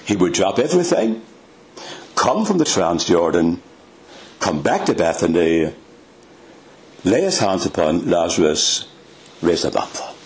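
A man preaching a sermon in a dramatic, emphatic way, with sudden rises in pitch.

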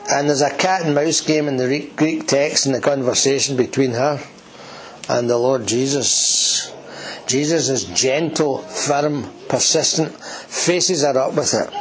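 A man's voice: fairly high pitch, rough recording. A man preaching a sermon in church, earnest and emphatic, who repeats key words and asks his listeners questions.

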